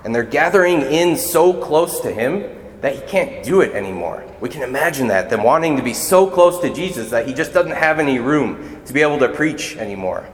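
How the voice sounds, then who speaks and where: A man's voice: medium pitch, expressive, brisk. A man serving as a deacon, giving a conversational, earnest sermon in a church. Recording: echoey church hall.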